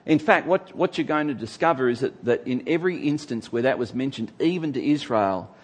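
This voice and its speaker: A man's voice: mid-range voice, expressive, fairly quick, breathy edge. A man teaching from the Bible in a conversational sermon, emphatic and acting out the people he quotes.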